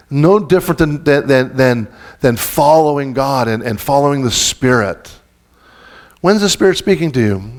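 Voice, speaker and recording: A man's voice: medium pitch, lively intonation, moderate pace. A man preaching a conversational sermon as pastor. He talks informally, restarts sentences often and keeps asking the congregation questions.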